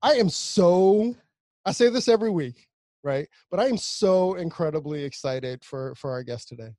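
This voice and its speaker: An American man hosting a podcast, excitable and a bit hesitant, using laid-back slang. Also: sits high, moderate pace, no echo. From United States. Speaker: podcast host. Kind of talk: casual podcast chat. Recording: dry close sound.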